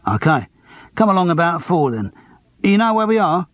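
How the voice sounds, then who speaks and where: A man playing a brisk Cockney agent. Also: high voice, big pitch swings, a bit bright, no room sound, pitched above the performer's own voice. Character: gruff Cockney male talent agent. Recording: dry close studio.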